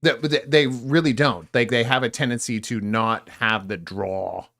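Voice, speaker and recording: A man's voice: mid-range voice, steady tone, normal speed, creaky, fairly bright tone. A middle-aged man from California co-hosting a casual live podcast, rambling and debating with mock voices. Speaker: podcast co-host.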